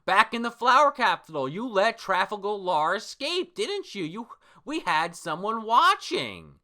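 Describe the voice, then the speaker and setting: A man's voice: sits high, sing-song, unhurried, pushed and bright, pitched above the performer's own voice, full character voice. A man voicing a menacing, mocking male villain commander from a comic, in a taunting, raised voice.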